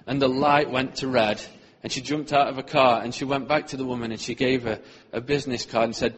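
A man with a husky, slightly breathy voice tells an earnest testimony as part of a sermon. His speech is mid-pitched for a man, and he often lets his sentences fade away softly. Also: steady tone, brisk, hardly any pauses. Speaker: church speaker.

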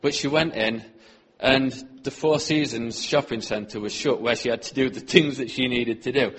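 During a sermon, a church speaker shares an earnest testimony in a husky, slightly breathy voice. He speaks at normal speed with a mid-range male pitch, and his sentences often trail off softly.

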